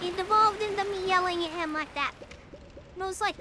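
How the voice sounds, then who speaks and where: Very high-voiced blunt woman streamer. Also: a little fast. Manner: animated, blunt and profane, rising to near-yelling. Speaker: live streamer. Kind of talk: casual storytelling to stream chat. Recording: clear background noise.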